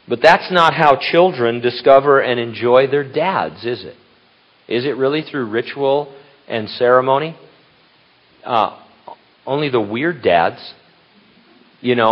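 An older man, a grandfather and pastor, preaching in a casual, rambling way with restarts and asides. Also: lowish voice. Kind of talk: conversational sermon. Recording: dull lo-fi recording.

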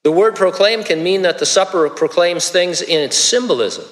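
A man's voice: high-pitched, moderate pace. Casual-sounding male preacher in a reverberant hall. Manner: casual, conversational preaching with stammered restarts. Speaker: pastor. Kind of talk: sermon.

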